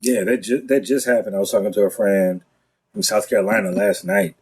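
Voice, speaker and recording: Man, comedian guest, husky low voice, chatty podcast talk, acts out quotes. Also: rough recording. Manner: animated storyteller, quick restarts, acts out quotes. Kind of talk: casual podcast conversation.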